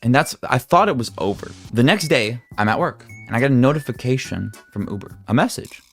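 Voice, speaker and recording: A young man excitedly telling a story-time vlog, swinging between loud outbursts and hushed asides, with some swearing and stammering. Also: mid-range voice, fairly quick, soft background music.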